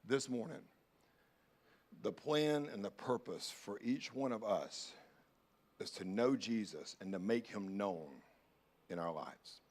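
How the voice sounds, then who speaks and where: A male pastor preaching a sermon, dropping to soft, close pleas and then rising to loud, urgent calls. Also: lowish voice, expressive, takes it slowly, long pauses. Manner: swings from hushed pleading to loud urgent calls.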